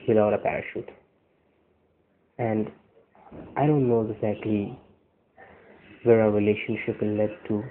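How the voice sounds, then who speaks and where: Man, tender halting love message, slightly low voice, phone-like sound. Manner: tender, earnest, halting with restarts. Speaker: boyfriend recording a love message. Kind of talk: personal video message. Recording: tinny phone-like audio.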